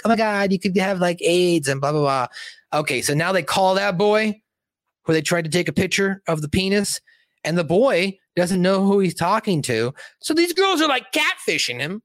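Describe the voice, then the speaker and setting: A young man with a fairly high, slightly bright voice reviews a movie on a casual livestream. He rambles, swears, and uses lots of fillers, and there's no room sound.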